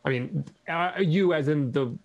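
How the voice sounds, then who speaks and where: A man player at a tabletop game, speaking politely and measured. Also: on the high side, no room sound, muffled recording.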